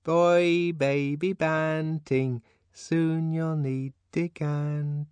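A man reading an audiobook, voicing a fretful, tipsy middle-aged woman with shrill, pleading outbursts. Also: huge pitch swings, slow, a little mellow, no echo, exaggerated voice. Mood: coaxing. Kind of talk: audiobook character voice.

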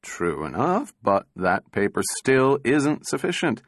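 A man voicing a calm, unruffled male prosecutor who speaks evenly and with dry irony. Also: medium pitch, measured pace, dry recording. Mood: cool. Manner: even, indifferent, dryly ironic.

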